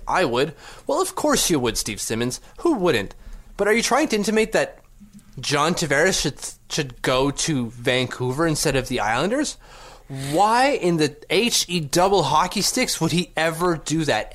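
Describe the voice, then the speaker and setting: A man's voice: a little high, a bit bright. A man hosting a sports podcast, ranting sarcastically with rhetorical questions. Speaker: podcast host. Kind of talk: casual sports podcast rant.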